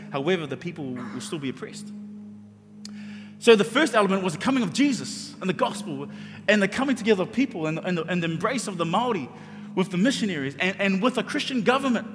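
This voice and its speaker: Nz pastor guy preaching all fired up, music going behind him. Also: high-pitched. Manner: impassioned, repetitive, acts out his own inner voice. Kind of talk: sermon. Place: church hall with long reverb. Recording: reverberant church hall.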